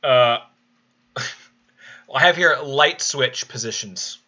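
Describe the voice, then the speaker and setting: A man's voice: medium pitch, very slow, sharp tone, muffled recording. A man co-hosting a live stream podcast, chatting casually with hesitant restarts while running the chat.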